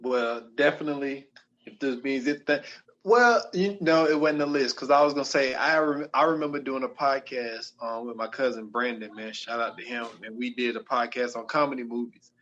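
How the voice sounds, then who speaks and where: An easygoing man co-hosting a podcast, talking casually in a middle-pitched voice. He trails off and restarts his sentences as he thinks aloud. His mic sounds a little dull and muffled. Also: fairly even intonation, fairly quick, fairly bright tone. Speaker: podcast co-host. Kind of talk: casual chat.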